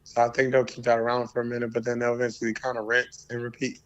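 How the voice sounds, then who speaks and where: A man, a former player as guest, in casual chat, his voice hoarse and worn from yelling, speaking in a laid-back drawl. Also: medium pitch, monotone, fast talker, lo-fi sound.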